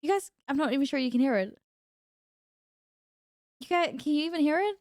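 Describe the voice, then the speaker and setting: In this casual live-stream chat, a flustered woman talks to her viewers while sorting out her audio during a game stream. She speaks briskly in a high, expressive voice that is a little mellow. The sound is dry and clean, like a studio.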